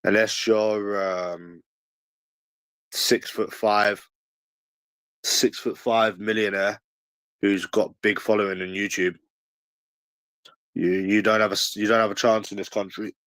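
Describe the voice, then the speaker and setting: A man's voice: on the low side, level tone, slow pace, pauses often, fairly bright tone, no room sound, low-quality recording. Defensive young London man, dry sound. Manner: defensive, argumentative, slangy, repeats himself. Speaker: livestream host. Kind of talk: casual livestream chat.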